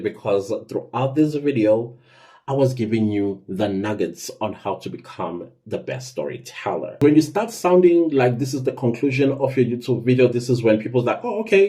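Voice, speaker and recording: Guy with a mellow voice chatting through creator tips, lots of um and uh, punches key words. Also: mid-range voice. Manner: conversational, lively emphasis, self-corrections and fillers. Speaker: podcast host giving tips. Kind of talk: casual instructional talk.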